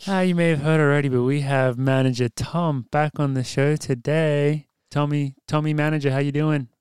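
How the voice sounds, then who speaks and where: A man's voice: a little high, fairly even intonation, normal speed, a little mellow, smooth, no echo, clean studio sound. An Australian man hosting a podcast, chatting casually in laughing, easygoing banter. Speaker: podcast host. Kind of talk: casual chat.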